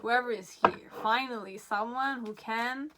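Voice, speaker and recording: A woman giving a pick-a-card tarot reading, excitable, often checking in with "okay?" and a bit out of breath. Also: fairly high pitch, a little slow, very noisy. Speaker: tarot reader.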